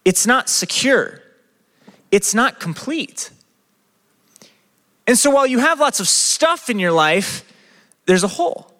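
A man preaching a lively sermon, asking his listeners question after question. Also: very high-pitched, takes it slowly, pauses often. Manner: lively, asks the crowd many questions. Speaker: pastor. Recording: long reverb of a hall.

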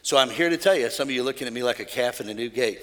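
A middle-aged man preaching a lively sermon, telling stories in quiet asides and then shouting his points. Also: racing, big-room sound, noisy background. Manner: storytelling, swings from low asides to shouted preaching. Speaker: pastor. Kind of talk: energetic sermon.

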